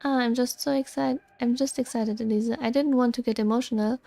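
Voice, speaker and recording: A woman's voice: a little high, fairly even intonation, a little fast, gravelly, dark tone, no echo. A woman reading game lines aloud as a cheerful, dreamy young woman who gushes over everything. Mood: delighted.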